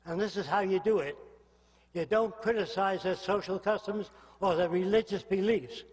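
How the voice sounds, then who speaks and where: A man's voice: high voice, normal speed, darkish tone. Blunt older man lecturing in an echoey hall. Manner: blunt, provocative lecturing with rhetorical questions. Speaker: public lecturer. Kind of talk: public lecture.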